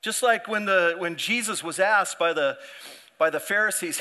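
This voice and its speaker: A man's voice: sits high, normal speed, bright, forceful tone. A male pastor preaching a sermon in a conversational way, often restarting his sentences and acting out the people he quotes.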